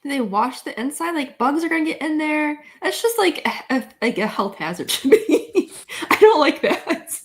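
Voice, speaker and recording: A woman's voice: sits high, very animated, normal speed, few pauses. A woman guest on a casual podcast, chatting and reacting in loose sentences that often trail off. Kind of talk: casual chat.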